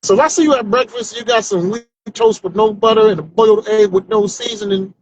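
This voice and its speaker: A man's voice: high voice, a little fast, slight background noise, rough recording. A male comedian trying out new stand-up jokes without notes, rambling and talking to himself, often ending lines with "man". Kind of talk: stream-of-consciousness stand-up practice. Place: car on commute.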